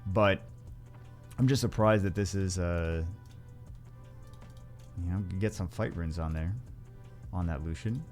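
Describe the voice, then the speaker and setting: A man's voice: low-pitched, measured pace, pauses often, a little mellow, soft background music. A man hosting a gaming video, rambling through casual gameplay commentary with wry asides and frequent self-corrections.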